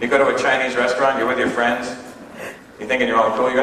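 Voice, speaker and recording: A young man from Canada performing an animated stand-up set, acting out voices and characters. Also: mid-range voice, fast. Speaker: stand-up comedian. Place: large indoor hall with audience. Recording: echoey hall, far from mic, noisy old tape.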